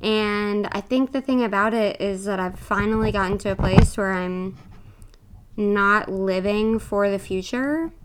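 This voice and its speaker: Over slight background noise, a young podcast co-host talks a little slowly in a mid-range voice. Her casual monologue is earnest and chatty, packed with fillers, and somewhat breathless.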